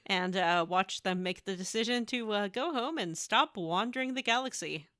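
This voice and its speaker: A woman co-hosting a casual gaming podcast, retelling game scenes with animated storytelling and acted-out quotes. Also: medium pitch, moderate pace, dry recording, studio quality. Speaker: podcast co-host.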